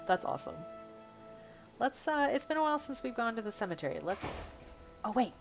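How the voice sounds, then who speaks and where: A woman with a Missouri Bootheel twang streams a mystery game, chatting casually, thinking aloud and reading chat over game music and cicadas. Her gravelly voice sits fairly high, swings widely in pitch and moves at normal speed.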